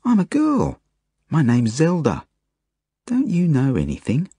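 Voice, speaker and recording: A man's voice: on the high side, wildly swooping pitch, unhurried, mellow, slightly rough, dry recording, voice pushed up, heavily acted. A man reading aloud and voicing a small, frightened young girl who wails and sulks, demanding and stubborn. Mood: indignant. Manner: wailing, sulky and demanding.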